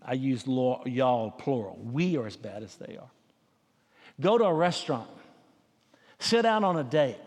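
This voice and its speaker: A man's voice: a little high, darkish tone, big-room sound. A man preaching a sermon as pastor, in a folksy, conversational way. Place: church sanctuary.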